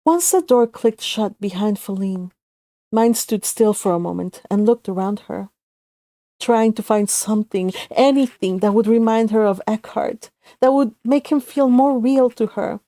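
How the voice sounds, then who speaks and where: Woman storyteller, mellow, emotive reading, dry close sound. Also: on the high side, measured pace, dry recording. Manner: soft, emotive, with occasional self-corrections. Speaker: fanfic author and reader. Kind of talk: storytelling narration.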